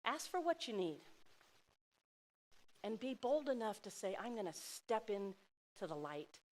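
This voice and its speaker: A middle-aged woman giving a heartfelt personal speech to an audience, swinging between loud exclamations and soft asides. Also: medium pitch, very animated, measured pace. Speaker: speaker at a dinner event.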